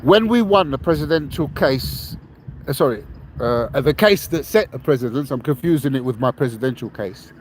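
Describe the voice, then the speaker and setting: A London-raised Englishman hosts a rambling podcast monologue for his listeners, his medium-pitched, darkish voice lively at a moderate pace. He's blunt and defiant, swears, repeats himself, and tags lines with "yeah?". The low-quality recording carries slight background noise.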